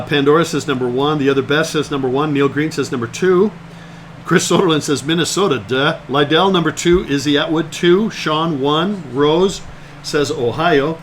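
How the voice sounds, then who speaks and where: A man's voice: fairly high pitch, moderate pace, slight background noise, low-quality recording. A man co-hosting a casual live trivia stream, teasing and reeling off viewers' answers. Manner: jokey and teasing, rattling off names. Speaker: co-host of a live-streamed travel trivia show. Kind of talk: casual banter while reading viewer answers.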